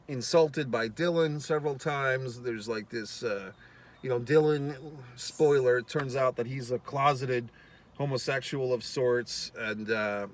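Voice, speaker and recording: A man's voice: mid-range voice, a bit bright. Rambling, profane man recapping a movie. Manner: rambling and profane, with many fillers; acts out characters' lines in quick voices. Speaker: film reviewer. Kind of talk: casual spoken movie recap.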